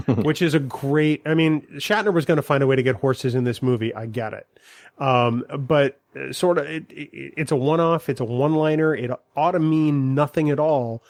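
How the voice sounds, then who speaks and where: A man's voice: medium pitch, no echo, clean studio sound. A man co-hosting a podcast, teasing his friends and taking his time with many fillers. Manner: teasing, unhurried, filler-heavy. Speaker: podcast co-host. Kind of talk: casual podcast chat.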